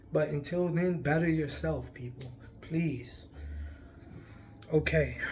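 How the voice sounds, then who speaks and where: A man's voice: on the high side, a little mellow, a little hiss or hum. A man talking earnestly to his viewers about faith, pleading and repeating himself, with frequent laughs. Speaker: faith vlogger. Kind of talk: casual spiritual encouragement to camera.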